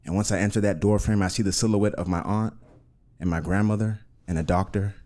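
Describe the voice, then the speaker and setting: A man telling a personal story on stage in an earnest, measured way, in vivid present tense. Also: lowish voice, steady tone, warm tone. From Uganda.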